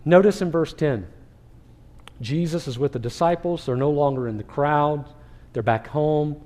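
A male pastor preaching a sermon with a fairly high but mellow, warm voice. He keeps it conversational, throwing rhetorical questions at his listeners. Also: moderate pace.

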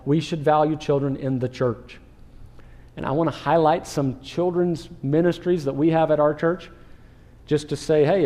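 A man who is a pastor preaching a sermon, animated, sometimes acting out what people in the story say. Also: fairly high pitch. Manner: animated preaching, acts out quoted speech.

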